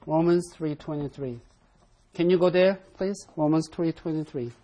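A teacher leads a Bible study, speaking with a husky, slightly breathy voice. Key words and verse references come back again and again for emphasis, and students are invited to read aloud between points. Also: medium pitch, normal speed, dark tone. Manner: calls on class members to read aloud.

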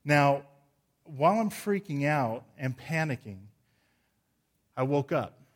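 A middle-aged man preaching, an earnest pastor who prays and then tells stories with animated swells. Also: on the high side, slow pace. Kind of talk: sermon with prayer.

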